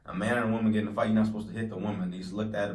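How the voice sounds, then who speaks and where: A man in a casual group debate, assertive and argumentative, slowing down to press his points. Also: on the low side, little pitch movement, darkish tone. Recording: echoey room, mic at a distance.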